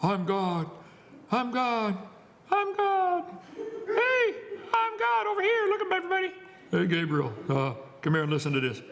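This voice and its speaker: A man putting on a shrill self-declared god. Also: wildly swooping pitch, measured pace, creaky, a crowd in the background, heavily acted. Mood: mocking. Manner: mocking, shrill, calling out. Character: boastful man shouting that he is God.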